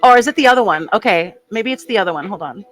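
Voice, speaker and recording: A woman talks casually through a building kit for her toy channel, rambling between tangents and teasing herself for her slip-ups. Her voice sits at an ordinary middle pitch. Faint music plays underneath. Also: animated, quick pace, a bit bright, poor audio. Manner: chatty, rambling and self-mocking. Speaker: toy unboxing vlogger.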